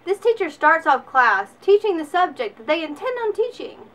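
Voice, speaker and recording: Woman, Southern US accent, sarcastic comedy vlog, bright voice. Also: very high-pitched, moderate pace. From Alabama, US. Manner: sarcastic, animated. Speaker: vlogger.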